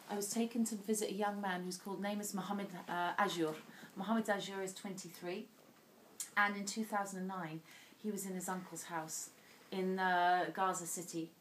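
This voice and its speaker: A woman speaks as an invited guest at a dinner, delivering an earnest and emotional personal talk in an indoor dinner hall. Her voice is medium-pitched, and a distant mic gives a roomy sound with faint ambience and slight background noise.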